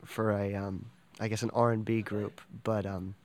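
A man's voice: lowish voice, flat delivery, normal speed, a little mellow, no echo. A man who drums, a guest in a casual interview, talking with enthusiasm, rambling with many fillers and restarts. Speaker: drummer and podcast guest.

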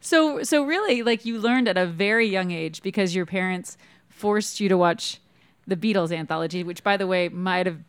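A woman's voice: mid-range voice, moderate pace, clean tone, dry recording. A woman hosting a casual interview who asks curious follow-up questions. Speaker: podcast host.

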